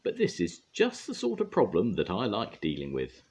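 An older man voicing a calm, capable magician lady in a storybook. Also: on the low side, moderate pace, husky, full character voice. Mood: reassuring.

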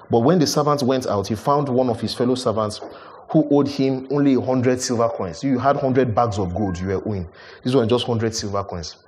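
A male preacher delivers a sermon in an animated, questioning way. His voice sits at a medium pitch and swells to emphatic peaks as he presses his listeners.

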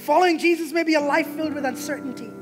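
A pastor preaching a sermon in a church, impassioned and emphatic, swinging between loud declarations and hushed lines. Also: male voice, very high-pitched, very fast. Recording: music playing behind the preaching.

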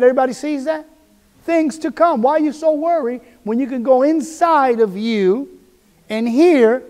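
A man's voice: very high voice, a little mellow, big-room sound. A man preaching a sermon as pastor, emphatic and repetitive, voicing quoted inner voices.

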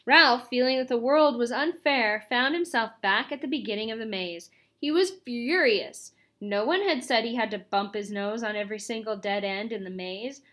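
Woman reader, higher voice, lively children's-book narration. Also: moderate pace, hardly any pauses. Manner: expressive, lively storytelling. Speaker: audiobook reader. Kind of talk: reading a children's book aloud.

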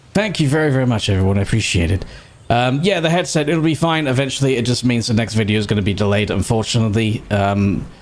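Excitable British man commentating a game. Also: fairly low pitch. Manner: excitable and sarcastic, swears freely. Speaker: gaming streamer. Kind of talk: casual gameplay commentary.

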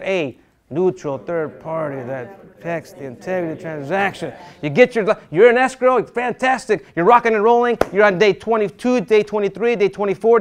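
A middle-aged man giving a lively classroom lecture in a slightly high voice. He is animated and theatrical, swinging between playful panic and calm advice as he acts out scenes for his students. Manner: animated, dramatic, acts out panicked agents and jokes. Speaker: real estate instructor.

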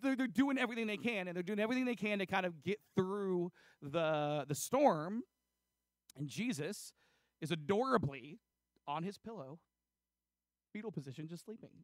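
A man's voice: high voice, dry recording. A man preaching a casual, chatty sermon, retelling a story with lots of fillers and acted-out dialogue. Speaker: pastor. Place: church.

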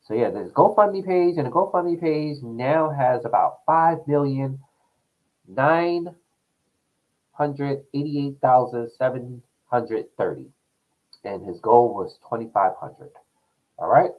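A young man hosting his own talk show, rambling through news and stories in a casual, animated monologue. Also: medium pitch, slow pace, phone-quality sound. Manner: rambling, animated storytelling with laughs.

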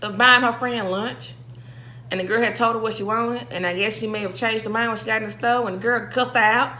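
A woman's voice: fairly high pitch, fairly even intonation, brisk, pushed and bright. A woman, chatting casually as she eats on camera, telling stories with laughing asides. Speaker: vlogger eating on camera. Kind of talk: casual mukbang chat.

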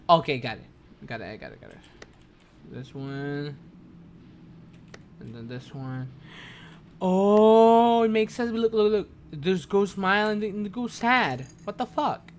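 A man's voice: on the high side, big pitch swings, unhurried, long pauses, slight background noise. Jumpy native-Spanish man streaming a game. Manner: jumpy, yelps and curses when startled; broken, non-native English. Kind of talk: live game-stream commentary.

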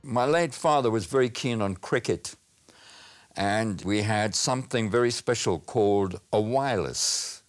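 An older man with a South African accent, telling stories from his childhood and career in a lively way. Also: fairly low pitch, unhurried, faint music behind. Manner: lively storytelling, mimics voices. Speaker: radio personality. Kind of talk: reminiscing interview.

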